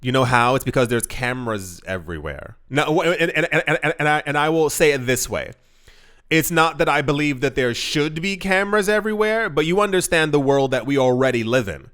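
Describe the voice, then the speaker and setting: A man's voice: a little high, expressive, fairly quick, fairly bright tone. A young man giving casual commentary to camera, rambling with many restarts and incredulous asides. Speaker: crypto commentator.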